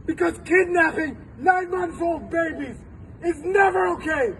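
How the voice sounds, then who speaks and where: A man of forty, a professor, giving a fervent rally speech, repeating his phrases and shouting at times. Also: very high-pitched, moderate pace. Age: 40s. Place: outdoors in a city. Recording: distant outdoor recording with crowd and street noise.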